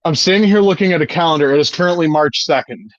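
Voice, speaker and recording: A podcast co-host chats casually in a fairly high, quick male voice on a muffled recording. He's an enthusiastic wrestling fan who swears often and talks with eager energy.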